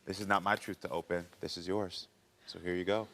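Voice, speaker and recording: Bright-voiced male talk show host. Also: low voice, a little fast, slight background noise. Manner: gently probing, emotionally expressive.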